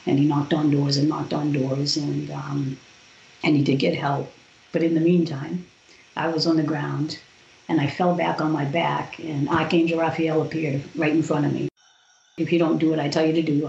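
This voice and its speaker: A woman, a podcast guest, telling a personal story in an animated way and acting out the other people's lines. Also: low-pitched, gravelly, a little hiss or hum. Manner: animated retelling with quoted voices. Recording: roomy, dull lo-fi sound.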